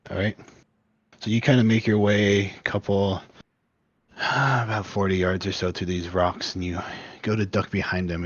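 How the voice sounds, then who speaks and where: A man's voice: sits low, no room sound, dull audio. A man narrating as game master of a tabletop game, laid-back and rambling.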